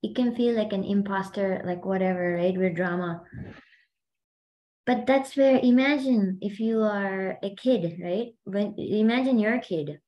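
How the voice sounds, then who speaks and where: A woman's voice: medium pitch, measured pace, lo-fi sound. A woman hosting and coaching a group on a video call, talking in a chatty, rambling way full of fillers. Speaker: host and mindset coach.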